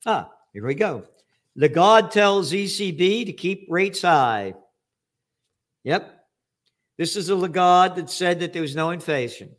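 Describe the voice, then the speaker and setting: An older man hosting an angry, profane commentary monologue, ranting sarcastically about the economy. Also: a little high. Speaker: trend forecaster host.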